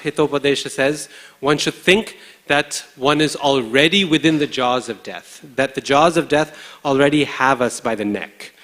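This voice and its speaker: A man's voice: fairly high pitch, fairly bright tone. Hesitant male preacher in a reverberant hall. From India. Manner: measured, conversational, many hesitant pauses. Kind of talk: scripture class lecture. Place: large temple hall.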